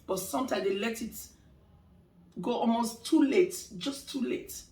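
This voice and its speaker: A woman's voice: fairly high pitch, a little slow, warm tone, roomy sound, recorded from a distance. A middle-aged woman giving life advice in a casual talk, emphatic and preachy, repeating phrases for stress. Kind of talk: casual motivational talk to camera.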